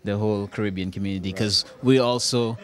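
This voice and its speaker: A man's voice: fairly low pitch, fairly even intonation, a little fast. A Trinidadian man, a comedian and actor, talking casually in an interview at a comedy event, laid-back and laughing as he tells jokes. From Trinidad and Tobago. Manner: laid-back, laughing, slips into island voices.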